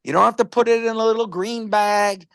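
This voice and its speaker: A man's voice: high-pitched, steady tone, a little fast, creaky, clean tone, no room sound. A man casually presenting a product on a live stream, rambling through stories and stumbling over repeated words.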